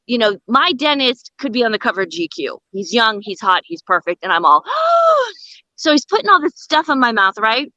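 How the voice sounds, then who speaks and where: A woman stand-up comic telling bawdy stories as a guest in an interview, brash and animated. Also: fairly high pitch, a little fast, few pauses, dry recording, low-quality recording. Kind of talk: comedic storytelling in an interview.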